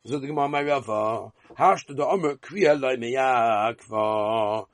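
A man's voice: medium pitch, measured pace, dry recording. A man leading a Talmud class, reading the Aramaic text aloud and explaining it in with frequent questions. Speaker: Talmud teacher.

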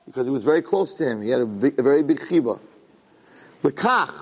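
A man teaching a Torah class, animated, jumping high when he acts out a yelling parent. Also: a little fast, breathy edge. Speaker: Torah lecturer. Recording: long hall reverb.

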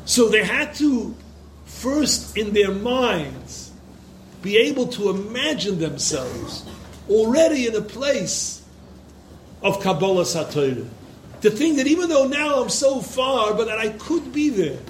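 Man, high voice, emphatic Torah lecture, echoey room. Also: sing-song, a little slow, a little hiss or hum. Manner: impassioned and emphatic, repeats phrases for stress. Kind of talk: Torah lecture to yeshiva students.

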